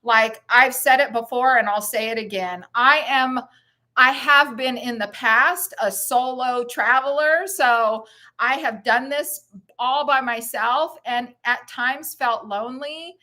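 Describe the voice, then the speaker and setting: Breathless high-voiced cheery woman host. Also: slow, bright, forceful tone. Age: middle-aged. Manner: enthusiastic, cheering, laughing often. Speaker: host of a live stream. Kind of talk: upbeat motivational live chat.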